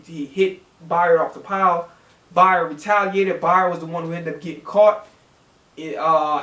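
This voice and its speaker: A man's voice: high voice, a bit bright. Heated sports-fan host, a man who rants and swears and keeps circling back to the same point, recorded in a roomy, echoey space. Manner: profane, ranting, repeats himself. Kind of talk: heated football reaction rant.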